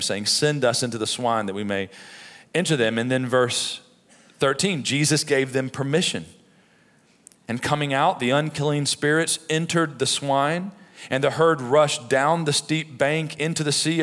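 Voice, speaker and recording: A middle-aged pastor preaching a sermon in a conversational, storytelling way, with frequent "right?" asides. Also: male voice, medium pitch, fairly bright tone. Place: church sanctuary. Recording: long reverb of a church hall.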